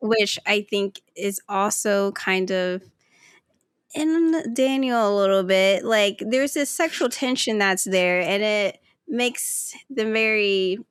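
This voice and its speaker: A woman's voice: medium pitch, slow, smooth, no echo, studio quality. A woman co-hosting a podcast, talking bluntly and casually about a TV series, swearing freely. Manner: blunt and candid, swears freely, frequent fillers. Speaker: podcast co-host. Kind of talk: casual chat recapping a TV series.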